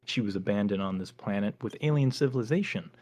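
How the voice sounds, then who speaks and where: A male podcast co-host casually retelling a story in animated chat, with frequent filler words. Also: lowish voice, fast.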